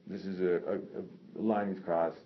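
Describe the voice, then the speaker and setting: Deep-voiced man, casual profane storyteller who rambles and self-corrects; muffled lo-fi recording. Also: flat delivery, unhurried. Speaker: storyteller recounting a personal incident. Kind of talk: casual spoken anecdote. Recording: dull lo-fi sound with faint noise.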